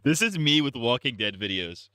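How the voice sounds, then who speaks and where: Guy streaming from home, rambling and swearing, bright close dry sound. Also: medium pitch, big pitch swings, moderate pace, clear, resonant tone, dry recording. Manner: rambling, profane, laughs a lot. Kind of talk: casual chat reacting to videos.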